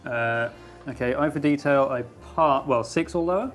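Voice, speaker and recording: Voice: medium pitch, moderate pace, music in the background. A player in a tabletop game who describes their moves in the first person, playfully.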